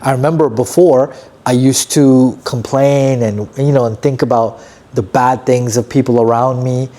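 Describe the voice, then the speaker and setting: A man's voice: medium pitch, steady tone, moderate pace, mellow. A man co-hosting a podcast who talks earnestly, almost preaching, about positivity and gratitude. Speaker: podcast co-host. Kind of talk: casual podcast chat.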